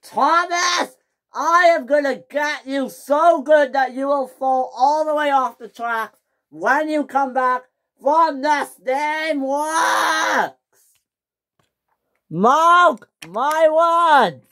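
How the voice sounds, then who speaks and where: A woman voicing a vain, hot-tempered young male steam engine in a toy train story, whining, shouting and sobbing. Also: medium pitch, animated, moderate pace, close to an everyday voice. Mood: furious. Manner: whiny, shouting and sobbing in outbursts.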